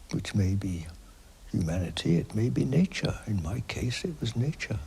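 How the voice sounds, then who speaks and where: An older man giving an unhurried spiritual interview, speaking softly and often dropping to a near whisper, reflective and halting with many pauses and fillers. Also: fairly low pitch, sing-song, gravelly, breathy edge. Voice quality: soft, partly whispered, halting.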